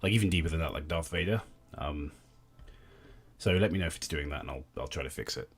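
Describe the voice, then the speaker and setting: A man's voice: extremely low pitch, expressive, quick pace, slightly rough. A young man hosting a livestream, reading aloud and thanking donors in a wry, sweary way. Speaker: livestream host. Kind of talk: casual livestream commentary.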